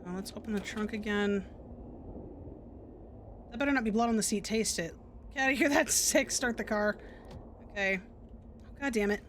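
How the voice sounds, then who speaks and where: A woman's voice: mid-range voice, normal speed, pauses often, fairly bright tone, slight background noise. A woman streamer giving casual, dry and sarcastic commentary while playing a game.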